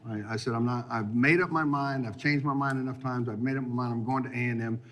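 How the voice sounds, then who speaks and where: A man's voice: mid-range voice, steady tone, fast, fairly bright tone. A man in his fifties, a former football player and interview guest, telling stories in a rambling way with frequent restarts and chuckles. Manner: rambling, laughing as he tells stories, many restarts. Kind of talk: casual storytelling in an interview.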